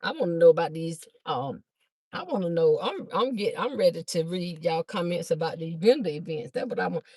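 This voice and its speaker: A woman chatting fast on a phone livestream to her viewers, a bit out of breath as she walks from a car through a garage into a house. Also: fairly low pitch, animated, a little mellow, husky, no echo. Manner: chatty, talks fast to viewers, calls them "y'all". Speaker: livestream host and vendor. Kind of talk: casual livestream chat to viewers. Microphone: phone held by hand.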